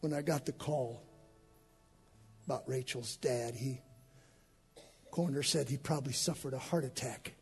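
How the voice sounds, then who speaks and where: A male pastor preaching an impassioned sermon with an altar call, swinging from hushed lines to shouted ones. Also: mid-range voice, moderate pace, long pauses, soft background music.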